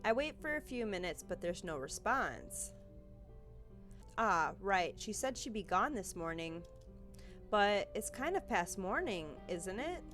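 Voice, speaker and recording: A woman's voice: medium pitch, sing-song, measured pace, fairly bright tone, faint music behind. A woman playing through a visual novel, reading the narration aloud and reacting anxiously, swearing casually. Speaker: game streamer.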